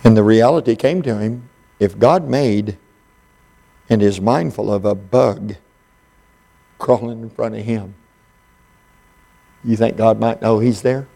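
A male preacher telling a story from the pulpit in a relaxed, conversational way, leaning on fillers as he goes. His voice sits fairly low, with a gravelly edge and a dark, mellow tone. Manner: unhurried, folksy, frequent "uh" and "you know".

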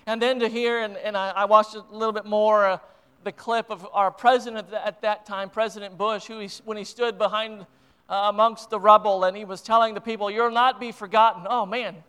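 Preaching a little fast from the pulpit, this high-pitched American pastor has a smooth, resonant voice with little pitch movement. Deep emotion and growing conviction drive his sermon as he repeats and restarts words, carrying his passion from quiet reflection into fervent appeals.

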